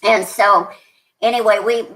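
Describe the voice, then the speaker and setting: An older woman guesting on a podcast, talking in a casual, rambling way. She restarts her sentences often and fills the gaps with "um" and "you know". Her voice sits at an ordinary middle pitch for a woman. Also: fairly even intonation, unhurried, fairly bright tone, poor audio. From New Mexico, USA. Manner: rambling, many restarts and fillers, chatty. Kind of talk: casual interview storytelling.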